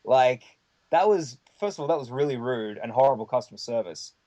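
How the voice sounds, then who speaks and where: A man's voice: mid-range voice, animated, fairly quick, warm tone, highs cut off. A man who is a guest on a podcast, telling a rambling anecdote in casual chat, with lots of fillers and the odd swear word.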